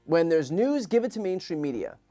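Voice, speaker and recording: A woman political commentator heard in a played clip, complaining with sarcasm about who gets interviews. Her tone is mellow and warm, and her pitch rises and falls expressively. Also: very animated, fairly quick, soft background music.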